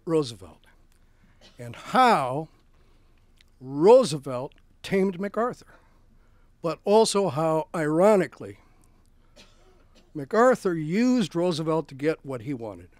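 A man's voice: fairly high pitch, lively intonation, measured pace, pauses often, no echo. A male author giving a book talk, telling history as anecdotes. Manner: anecdotal storytelling with acted quotes. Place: bookstore event.

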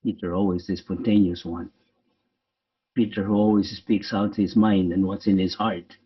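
A man, a priest, leading a guided meditation in a slow, reflective way with frequent pauses. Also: low-pitched, level tone, husky. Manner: slow, reflective, pausing often. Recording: dull, lo-fi sound from a distant mic.

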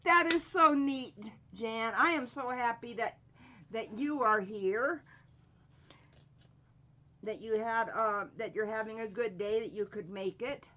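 A woman's voice: fairly high pitch, sharp tone. A woman hosting a live painting tutorial, chatting casually, greeting viewers by name and thinking aloud with frequent fillers as she works. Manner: slow, drawn-out speech with frequent fillers. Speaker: craft channel host.

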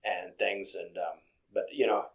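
In a poorly recorded casual interview, a low-voiced truck driver speaks a little slowly. He meanders through anecdotes, leaning on "you know" fillers, sounding easygoing and conversational.

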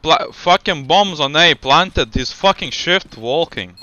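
A man's voice: a little high, animated, slow, pushed and bright, lo-fi sound, slight background noise. A young man in casual gaming voice chat, ranting angrily and swearing at a teammate. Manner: angry profane ranting at a teammate. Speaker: gamer.

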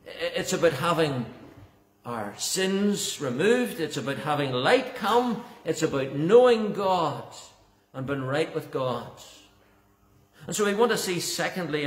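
A man's voice: a little high, lively intonation, a little slow. A man preaching a sermon as pastor, earnest and emphatic, often repeating words for stress. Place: church. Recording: echoey church hall.

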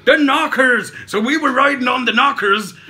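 Bright high-voiced man rambling comically. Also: moderate pace. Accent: mix of Cockney and Somerset. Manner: rambling, self-correcting, swearing, laughing at own jokes. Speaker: comic puppet show host. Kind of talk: rambling comic storytelling in character.

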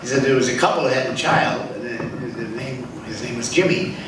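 A man's voice: mid-range voice, fairly quick, a crowd in the background. Older man telling jokes, distant and echoey. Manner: rambling, self-interrupting, laughing at own jokes. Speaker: benefit honoree telling jokes. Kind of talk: stand-up storytelling. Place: small theater stage. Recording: distant mic, loud room ambience, echoey theater.

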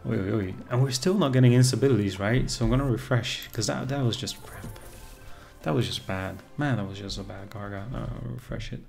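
A man's voice: on the low side, a little fast, gravelly, darkish tone, faint music behind. A man streaming casually, chatting with viewers and reacting to the game as it plays. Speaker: casino streamer. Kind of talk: casual live-stream commentary.

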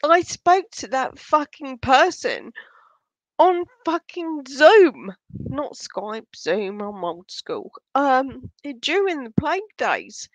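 A woman's voice: sits high, sing-song, takes it slowly, dry recording, low-quality recording. A woman vlogger ranting casually, agitated and shaken, swearing heavily and stumbling over restarts. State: angry and shaken. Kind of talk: casual unscripted vlog rant.

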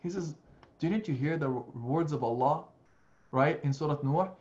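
A man, an imam, giving a Sunday lecture on scripture in an earnest, animated way, often restarting his phrases. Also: on the high side, normal speed, highs cut off. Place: mosque community hall.

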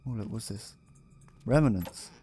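A man's voice: lowish voice, animated, unhurried, warm tone, slightly rough. A man hosting a horror game playthrough, reading notes aloud and yelping and swearing when startled. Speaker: gameplay video host. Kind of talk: horror game let's play commentary.

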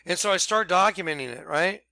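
A man tells his viewers a story in an animated, casual way, often slipping into "I'm like" as he retells it. His voice sits high and sounds dry, with little room around it. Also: a little fast, creaky, no room sound. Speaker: vlogger.

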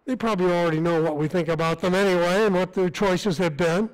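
High-voiced man preaching a sermon. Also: fairly even intonation, fast, hardly any pauses, low-quality recording. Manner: earnest, conversational preaching with restarts. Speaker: missionary preacher. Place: church sanctuary.

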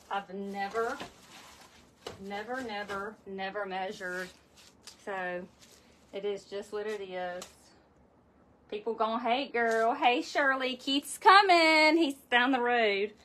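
Woman, slightly high voice, livestream craft host; chatty and greets viewers by name. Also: a bit bright. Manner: talkative, chats with live viewers by name. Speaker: wreath-making host. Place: home craft room.

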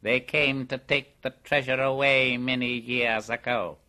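A man voicing an ancient, evil male white cobra in an audiobook, slow and lisping with a menacing, gloating manner. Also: medium pitch, fairly even intonation, pushed and bright, pitched above the performer's own voice. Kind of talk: audiobook character voice.

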